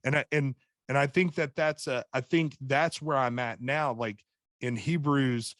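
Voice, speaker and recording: A man's voice: mid-range voice, steady tone, measured pace, fairly bright tone, dry recording. Middle-aged guy on a podcast, earnest storytelling, keeps restarting sentences, dry close mic. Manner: earnest storytelling with many repeated starts. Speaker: podcast guest, author and coach. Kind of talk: casual chat.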